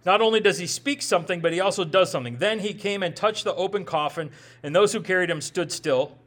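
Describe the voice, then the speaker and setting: Midwestern guy pastor giving a sermon, kinda high voice, chatty, repeats himself a lot. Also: a bit bright. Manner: conversational preaching with joking asides and quick laughs; repeats words while thinking aloud.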